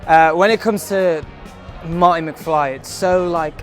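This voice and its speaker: A man's voice: on the high side, slow, faint music behind. A young British man, a stage actor, explaining his craft thoughtfully in a casual interview. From Britain.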